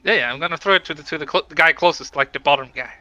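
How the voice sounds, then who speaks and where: A man's voice: on the high side, rapid-fire, bright, forceful tone, no room sound, muffled recording. A man playing in a casual tabletop game, boisterous, swearing freely and laughing. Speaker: player.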